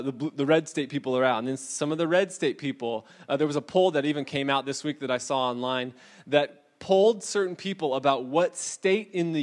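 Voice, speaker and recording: Chatty pastor with a slightly high voice. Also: male voice. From California. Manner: relaxed, chatty, many "like"s and asides. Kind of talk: casual conversational sermon. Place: room with a live congregation.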